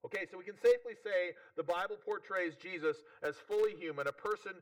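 A man's voice: sits high, a little fast, low-quality recording. A man preaching a sermon, earnest, checking in with the congregation and repeating words as he goes. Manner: earnest, with frequent repetitions and "right?" check-ins.

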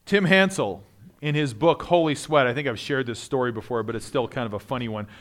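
A man's voice: mid-range voice, fairly quick, fairly bright tone. A man, a pastor, preaching a sermon in a conversational way with asides.

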